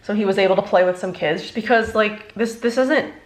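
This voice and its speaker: A young woman, a beauty vlogger, chatting casually through a makeup tutorial, rambling and halting, emotionally worn out. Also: mid-range voice. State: emotionally exhausted.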